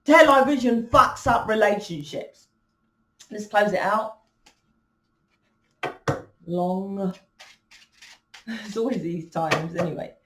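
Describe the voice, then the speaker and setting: A woman's voice: medium pitch, slow, pauses often, recorded from a distance, a little hiss or hum. Blunt woman in an echoey room. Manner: blunt, emphatic, swears freely. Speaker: spiritual reader. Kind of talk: casual monologue to viewers.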